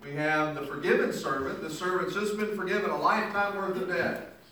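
A man's voice: high-pitched, fairly quick, bright, forceful tone. A man preaching a sermon, reading scripture verses and then explaining them in his own words with emphasis. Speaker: pastor. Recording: echoey room picked up from a distance.

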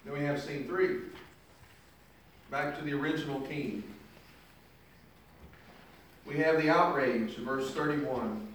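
A male pastor preaches in a big, echoing hall, his fairly high voice caught from well back from the mic. He reads verses aloud and then unpacks them with emphatic paraphrase. A faint hiss sits under everything. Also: slow pace, long pauses, fairly bright tone. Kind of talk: sermon. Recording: echoey room picked up from a distance.

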